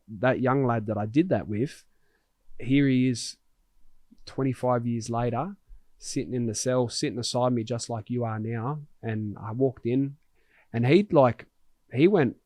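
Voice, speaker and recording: A man's voice: medium pitch, a little mellow, no echo. Earnest man telling a story. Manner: earnest, heartfelt, with frequent restarts. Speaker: podcast host. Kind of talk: conversational storytelling.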